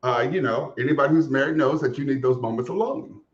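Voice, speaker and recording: A man co-hosting a casual podcast, telling an embarrassing story in a sassy, animated way with swearing. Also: medium pitch, fast talker, echoey room, highs cut off. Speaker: podcast co-host. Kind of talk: casual chat, comic storytelling.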